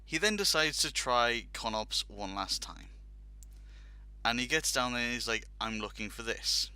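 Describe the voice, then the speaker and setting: A man telling a story on a casual talk show. His voice is very bright and crisp. It is recorded close and dry, with no room sound. He rambles animatedly, with laughs and quoted lines. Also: mid-range voice, animated, unhurried, no room sound. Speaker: podcast host telling a story.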